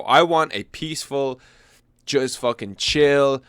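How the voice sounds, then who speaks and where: Animated, foul-mouthed man. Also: mid-range voice, brisk, no room sound, studio quality. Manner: profane, animated and blunt. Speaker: host. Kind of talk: casual commentary.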